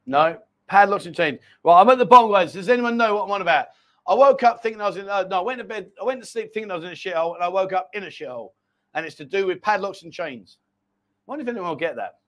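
A middle-aged man with a high-pitched voice hosts a casual livestream chat. He rambles from story to story, animated and full of asides, reading out viewer comments as he goes. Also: quick pace. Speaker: livestream host.

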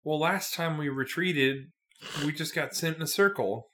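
A man's voice: fairly high pitch, normal speed, pushed and bright. A man playing along in a gamebook session, making dry, joking remarks. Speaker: player. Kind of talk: casual game chat.

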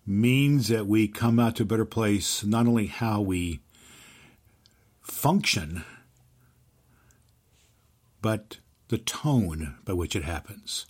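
Male podcast host, low voice, earnest storytelling teacher who leans on slow emphatic phrases. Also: darkish tone.

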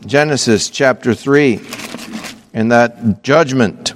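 A man's voice: mid-range voice, takes it slowly, big-room sound, slight background noise. A man preaching a sermon from a church pulpit, earnest and emphatic, with offhand asides. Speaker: pastor.

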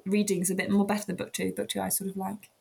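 A woman's voice: mid-range voice, little pitch movement, quick pace, vocal fry, crowd noise. A woman author reading from her novel and then chatting in a self-deprecating, easygoing way. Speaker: author, guest.

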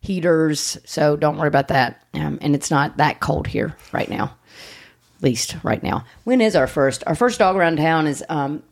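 A woman's voice: low-pitched, moderate pace, gravelly. A woman hosting a podcast, chatting casually, blunt and joking, swearing freely. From United States. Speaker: podcast host. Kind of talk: casual chat.

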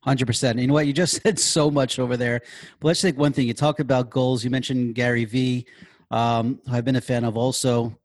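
A man's voice: medium pitch, fairly even intonation, a little fast, dry recording. A man hosting a casual interview, asking questions in an enthusiastic, affirming way. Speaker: podcast host.

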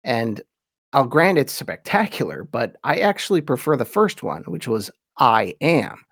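Male podcast host, mid pitch, measured teacher who lingers over quotations, dry close mic. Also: big pitch swings, a bit bright, no echo. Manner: thoughtful, slows down to read quotations with weight. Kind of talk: informal lecture with read-aloud quotations.

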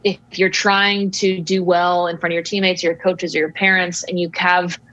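A woman guest expert answering interview questions about sports and parenting in a measured, thoughtful way. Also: on the low side, flat delivery, a bit bright, no room sound, low-quality recording. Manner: measured, thoughtful, slow explaining.

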